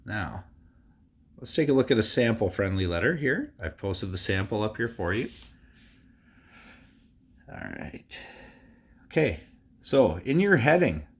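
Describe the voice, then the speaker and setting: Male teacher, lowish voice, easygoing recorded lesson for young students, reads aloud with big expression. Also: slightly rough. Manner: relaxed, chatty, with frequent fillers.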